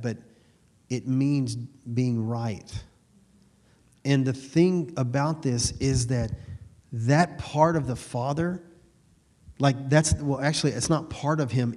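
A middle-aged man preaching in a relaxed, folksy way, with a slight East Texas twang from his upbringing. His delivery is unhurried and sits at a middle pitch. He often repeats himself and stretches out the scripture he quotes. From Texas, USA. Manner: folksy, repeats words, slows and swells on scripture. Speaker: pastor. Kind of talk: sermon.

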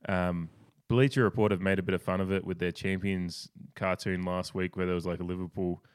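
With a brisk delivery, this sports podcast co-host rambles through lively stories and frequently starts his sentences over. He has a notably deep voice with a clean, resonant tone.

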